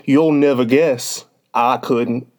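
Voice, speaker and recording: Man playing unicorn, sly and dreamy, easy unhurried speech. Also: mid-range voice, steady tone, darkish tone, close to an everyday voice. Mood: sly, casual. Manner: dreamy, sly storybook delivery. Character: sly, eager male unicorn.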